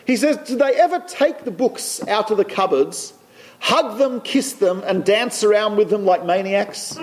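Lay teacher, man with a high voice, anecdotal talk, repeats himself for emphasis. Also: normal speed. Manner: storytelling, repeats phrases for emphasis.

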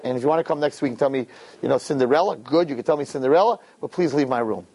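A man's voice: mid-range voice, very fast, darkish tone, breathy edge. A man voicing a weary young servant who has forgotten his past, talking plaintively. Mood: dismissive.

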